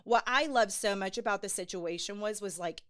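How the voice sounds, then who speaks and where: A woman sharing a personal faith testimony on a podcast, earnest and animated, with many fillers. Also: medium pitch, normal speed. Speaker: podcast guest. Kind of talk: personal testimony in casual chat.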